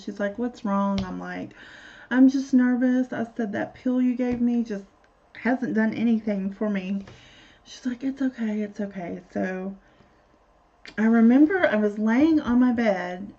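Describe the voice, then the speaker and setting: A woman's voice: mid-range voice, creaky, mellow. A woman vlogger telling a casual, rambling story with candid, profane asides. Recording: dull lo-fi recording.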